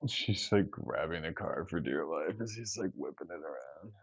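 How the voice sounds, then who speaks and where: A man's voice: a bass voice, animated, moderate pace, creaky, husky. A man vlogging in a laid-back, chatty way, full of "like" and "dude.". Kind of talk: casual chat.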